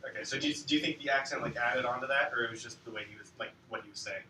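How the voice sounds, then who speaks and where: Quick male teacher quizzing the class, echoey room, mic far off, noisy. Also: medium pitch. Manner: prompting, encouraging questions. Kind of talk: classroom discussion. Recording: roomy, distant, noisy classroom recording.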